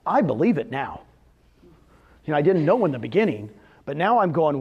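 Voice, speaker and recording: An energetic middle-aged man giving a motivational business talk, firing questions at the audience and answering them himself. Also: a little high, normal speed, long pauses, slightly rough, highs cut off. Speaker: real estate brokerage executive speaking at a company event.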